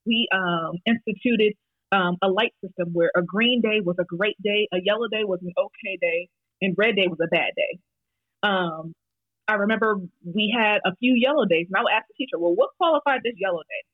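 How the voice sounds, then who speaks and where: A woman's voice: mid-range voice, moderate pace, husky, no room sound. A woman guest telling a story in casual chat, with plenty of ums. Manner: relaxed storytelling with fillers. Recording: tinny phone line, dry.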